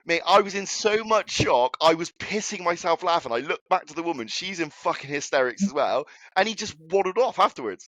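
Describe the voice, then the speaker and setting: A man's voice: on the high side, moderate pace, no echo. A young man telling a story in casual chat, swearing freely as he talks. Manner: swears a lot, animated anecdote telling. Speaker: podcast co-host.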